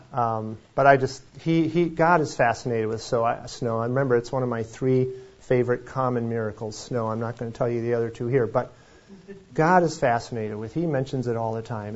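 With a darkish, mid-range voice, this Wisconsin preacher runs a casual Bible study. He chats freely, wandering into tangents and poking fun at himself, captured on a slightly dull, lo-fi recording.

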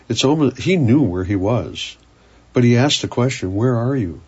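A man preaching a sermon in an earnest, unhurried way, sometimes repeating words as he searches for them. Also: fairly low pitch, darkish tone, slightly rough, dull audio.

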